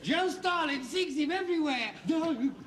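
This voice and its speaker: An actor playing a sarcastic, mocking middle-aged son in a sitcom. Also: male voice, very high-pitched, lively intonation, moderate pace, a bit bright, a little hiss or hum. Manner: sarcastic, mocking, bursts into silly put-on voices. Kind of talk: sitcom acting.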